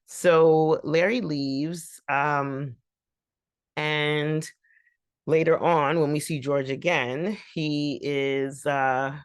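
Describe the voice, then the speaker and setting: A woman's voice: low-pitched, fairly even intonation, extremely slow, clean tone, no echo, clean studio sound. A woman vlogger giving a rambling, colloquial recap of a TV episode, with laughing asides. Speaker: TV reaction vlogger.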